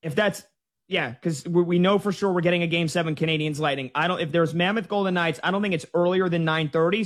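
A high-pitched man is hosting a live sports talk show. He rattles off scores and game times with excited energy, thinking out loud as he goes. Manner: excited, rambling updates on scores.

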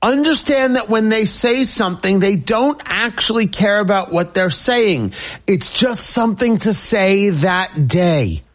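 Male talk radio host, high and lively pitch, emphatic monologue style. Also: measured pace. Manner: emphatic, repetitive, animated.

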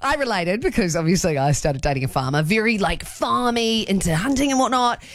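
A woman's voice: medium pitch, lively intonation, fairly quick, no echo. A young woman co-hosting an afternoon radio show, chatting in a bubbly way and laughing often. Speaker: radio co-host. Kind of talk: casual radio chat. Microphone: studio mic.

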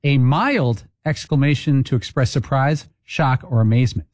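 A man who is a regular on a sports talk show, trading deadpan quips with the host. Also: medium pitch, normal speed, no room sound, studio quality. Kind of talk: casual studio banter.

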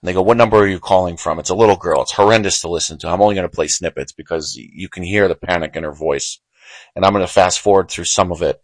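Low-voiced heated male commentator. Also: fast talker, dry recording, poor audio. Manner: heated, repetitive, emphatic. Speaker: show host. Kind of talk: opinionated political commentary.

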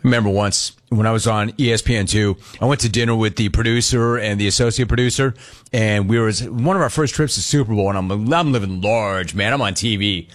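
A man hosting a talk radio show, telling a story in a brash, mocking way. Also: fairly low pitch. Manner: brash, mocking, fast-riffing. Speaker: sports talk radio host. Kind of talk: casual chat, storytelling.

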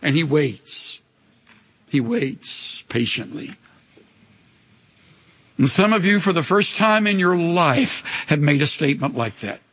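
Older male pastor, sermon and altar call; husky, slow delivery with soaring, animated pitch; reverberant sanctuary. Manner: impassioned, leads call-and-response. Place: church sanctuary.

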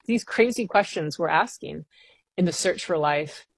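A woman's voice: fairly low pitch, expressive, normal speed, gravelly, no room sound. A woman scientist, a guest on a radio interview, explaining her work at length with earnest enthusiasm.

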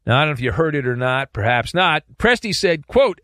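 A man's voice: a little high, sing-song, fairly quick, fairly bright tone, no echo, clean studio sound. A man hosting a sports talk show, giving opinionated commentary in a sarcastic, mocking way.

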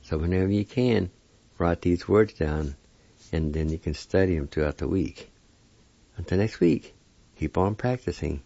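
A man's voice: low-pitched, normal speed, creaky, pauses often, warm tone, dry recording, highs cut off. A man teaching a weekly pronunciation lesson on radio, patiently spelling words and repeating each one syllable by syllable.

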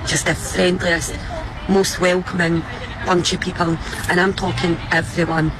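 A woman's voice: lowish voice, flat delivery, a crowd in the background. Emotional Scottish woman, noisy street. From Scotland. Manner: emotional, grateful, halting with restarts. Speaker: visitor addressing a city. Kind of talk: heartfelt address to the public.

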